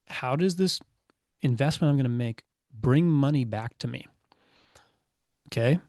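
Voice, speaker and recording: A chatty man in his thirties talks as a podcast guest, swapping into lively quoted voices as he tells his stories. His mid-pitched voice sounds close and dry, with fillers sprinkled through every thought. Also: no room sound. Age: 30s. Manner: chatty, many fillers, acts out quoted dialogue. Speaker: podcast guest, business owner. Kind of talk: casual storytelling interview.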